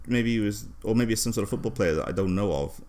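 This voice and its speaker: A man, co-hosting a comedy podcast, telling an absurd story deadpan with lots of fillers and hesitation. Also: fairly low pitch, fast talker. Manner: rambling, hesitant, many fillers. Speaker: podcast co-host.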